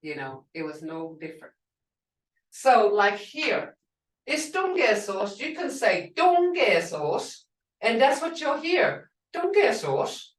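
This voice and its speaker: A woman teaching a language class over a video call, halting and explaining with examples. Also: medium pitch, animated, far from the mic. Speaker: language instructor. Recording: echoey room, away from mic.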